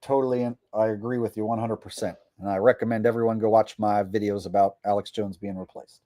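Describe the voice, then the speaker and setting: A man's voice: on the low side, level tone, quick pace, dark tone, dry recording, clean studio sound. A man, a comedian, doing live stream commentary in a boastful, profane, rambling way.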